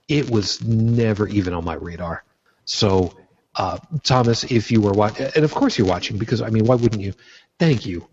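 Male podcast co-host, husky, exasperated, halting restarts, dull audio. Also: fairly low pitch, darkish tone. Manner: exasperated, hesitant restarts, blunt jokes. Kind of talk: casual podcast chat.

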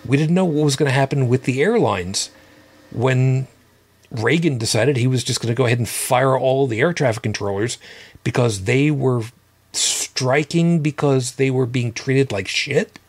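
A man in his fifties co-hosting a podcast, talking in a casual, halting way with many restarts and some swearing. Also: mid-range voice, slightly rough. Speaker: podcast co-host. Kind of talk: casual chat.

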